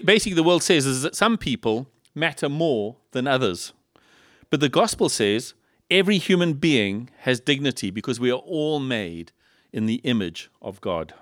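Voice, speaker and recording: A man from Africa, preaching a sermon in a lively style full of rhetorical questions and humorous asides. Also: fairly high pitch, no room sound, studio quality. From South Africa. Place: church in Liverpool.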